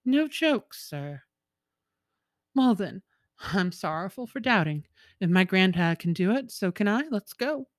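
A woman voicing a young male fisherman in a folktale, eager and excitable, exclaiming in sudden high bursts. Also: a little slow, no room sound, clean studio sound, lightly acted. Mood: startled. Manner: excitable, exclaiming, breaks upward in pitch.

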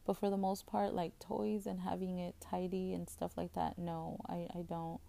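30s woman podcaster, low mellow fry-heavy voice, rambly and emotional, lots of um and you know. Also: little pitch movement, normal speed. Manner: rambling, with many fillers and restarts; openly emotional. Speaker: podcast host. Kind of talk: casual chat.

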